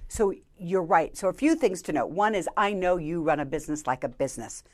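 Animated woman keynote speaker. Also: brisk. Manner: animated, emphatic delivery with lively pitch swings. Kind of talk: conversational interview, coaching tips.

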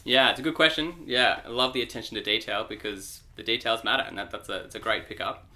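A man co-hosting a church podcast, explaining Bible passages in a lively, teacherly way. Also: medium pitch, fast. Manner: explanatory, animated. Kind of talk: podcast discussion.

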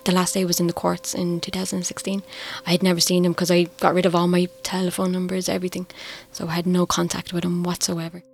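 A middle-aged Irish woman telling her own story, candid and reflective, quietly emotional. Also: on the low side, completely flat delivery, fast talker, gravelly, hardly any pauses. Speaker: interviewee. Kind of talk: personal testimony. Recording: faint music underneath.

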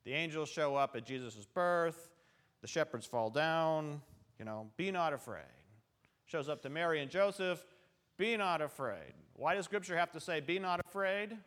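A man delivers a sermon in a church, and his voice sits a little higher than most men's. He talks like he's chatting, with stories, asides and questions for the people in front of him. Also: lively intonation, moderate pace, fairly bright tone. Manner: chatty and storytelling, with asides to the congregation. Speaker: pastor. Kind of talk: conversational sermon. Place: church sanctuary.

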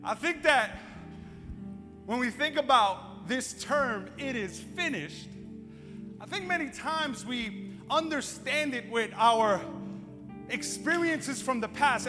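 A man preaching a sermon as pastor, telling humorous stories and building to emphatic shouted lines. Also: very high voice. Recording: echoey hall, faint music.

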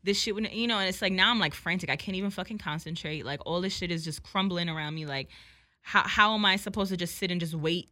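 A young woman telling a story in casual podcast chat, animated and profane, with lots of "like". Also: fairly low pitch, fast talker. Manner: animated, profane, filler-heavy with frequent "like".

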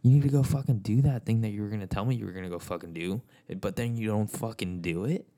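A man with a low, gravelly voice delivers a blunt motivational rant. He swears in nearly every sentence and circles back over the same points. His tone is dark and mellow rather than bright. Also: fast. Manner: blunt, swears constantly, repetitive.

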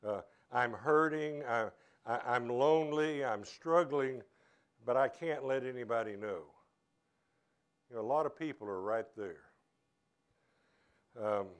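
A man preaching a sermon to his church, earnest and halting, often restarting his phrases. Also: mid-range voice, clean tone. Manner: earnest, halting, with many repeated starts. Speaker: pastor.

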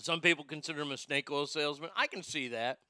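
A man's voice: a little high, quick pace, pushed and bright, no room sound, studio quality. A man hosting a commentary show, talking bluntly and profanely, joking and reading posts aloud. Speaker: show host.

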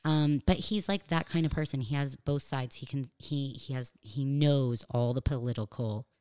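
A woman's voice: rumbling low, moderate pace, dark tone, clean tone. A woman in her thirties chatting as an interview guest, joking with fillers and asides, her voice said to sound like a cartoon. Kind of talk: casual comedic interview chat.

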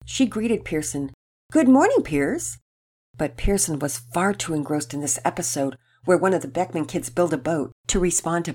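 A woman reading a children's story aloud in an expressive, storytelling way. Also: sits low, husky.

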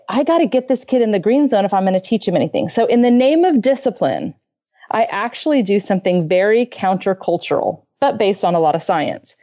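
This middle-aged woman speaks from her bedroom on a parenting podcast, recounting a home story with earnest, chatty warmth, frequent laughter and acted-out quotes. Her voice sits in the mid range with a dark tone, and the highs are cut off.

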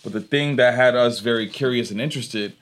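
A man's voice: medium pitch, a little fast. A young man hosting a podcast in casual chat, telling stories in a laid-back way with slang and swearing, recorded in a screened sunroom. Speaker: podcast host.

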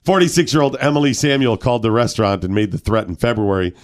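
A man's voice: medium pitch, fast. A man hosting a radio show, chatting casually and acting out imagined arguments. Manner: animated, acts out imagined arguments. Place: radio studio.

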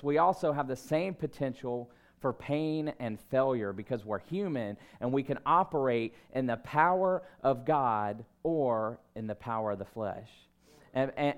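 A man in his thirties preaching a sermon, telling stories about himself in a relaxed, conversational way and breaking into emphatic bursts. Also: mid-range voice. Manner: conversational, self-deprecating storytelling with emphatic bursts. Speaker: pastor.

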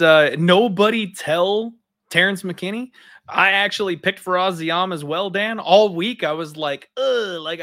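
An easygoing man co-hosting a podcast and chatting loosely about his betting picks. His voice is bright and a little high. The sound is dry and close. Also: no echo. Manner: easygoing, conversational, uses "man" and "like". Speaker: podcast co-host, betting analyst. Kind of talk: casual podcast chat.

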